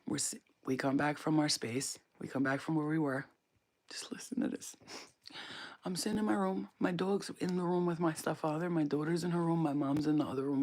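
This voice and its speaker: A woman livestreaming as a psychic reader, casually telling a story to her chat, swearing often and repeating phrases for emphasis. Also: low-pitched.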